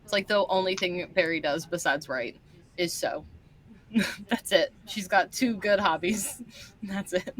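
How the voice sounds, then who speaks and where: A woman playing a tabletop role-playing game over an online call, chatting playfully and quickly. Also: lowish voice, fairly bright tone. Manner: playful, quick, laughing asides. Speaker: player. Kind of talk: tabletop role-play chat.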